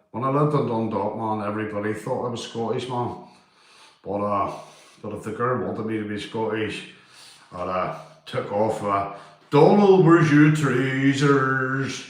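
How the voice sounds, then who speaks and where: A man's voice: on the low side, very echoey. A man chatting casually with stream viewers, rambling and swearing, with local slang. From Northern Ireland. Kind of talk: casual live-stream chat.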